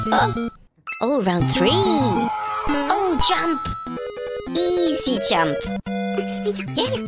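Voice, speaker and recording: A woman hosting a reaction video, gasping, laughing and exclaiming at funny clips. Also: sits high. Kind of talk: excited video reaction commentary.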